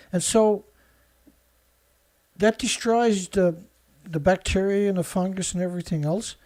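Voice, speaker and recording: His voice sits high with a darkish tone as this man, hosting his own program, recites news headlines and reacts to them with sarcastic outrage.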